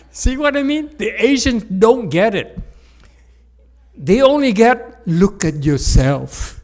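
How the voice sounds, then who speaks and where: A man giving a teasing dharma lecture in a Buddhist hall, laughing often, repeating himself, and moving from soft asides to loud emphasis. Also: extremely high pitch, lively intonation, slow pace, long pauses.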